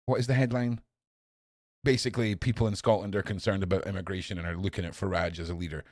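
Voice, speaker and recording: A man hosting a podcast, reading headlines aloud and ranting at them, swearing often and swinging from low mutters to shouts. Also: little pitch movement, fast, no echo, studio quality. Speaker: podcast host reading news. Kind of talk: ranting news commentary.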